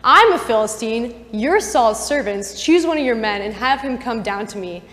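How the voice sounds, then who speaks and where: A woman's voice: on the high side, expressive, moderate pace, a bit bright. A woman voicing a boastful giant warrior in casual modern phrasing, in a chapel with long reverb. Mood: taunting.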